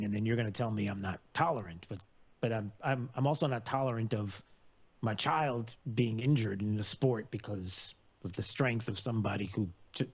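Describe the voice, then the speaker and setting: A man's voice: medium pitch, husky, muffled recording. A man hosting a political talk radio show, rambling and sarcastic, with many fillers and restarts.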